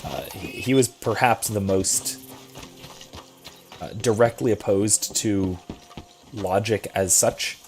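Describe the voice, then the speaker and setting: A man's voice: fairly low pitch, takes it slowly, long pauses, a little mellow. A man who is a philosophy professor, chatting casually and hesitantly while playing a game. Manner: rambling, hesitant, thoughtful. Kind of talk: casual chat while gaming.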